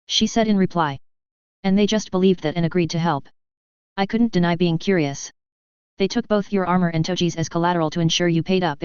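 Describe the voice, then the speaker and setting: A narrator reading a first-person story in a measured, steady way. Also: mid-range voice, clean tone, dry recording. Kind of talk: first-person audiobook narration of fan fiction. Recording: dry, slightly dull.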